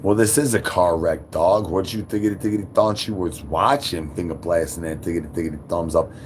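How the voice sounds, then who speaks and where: A man hosting a live stream, talking to chat in rapid rhyming nonsense banter. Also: deep voice, a little hiss or hum. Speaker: livestream host.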